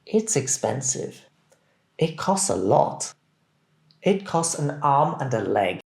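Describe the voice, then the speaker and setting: Slow, deliberate male English teacher. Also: mid-range voice, very animated, vocal fry, darkish tone. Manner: deliberate, carefully enunciated phrases for learners to repeat. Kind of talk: scripted language drill. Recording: roomy echo.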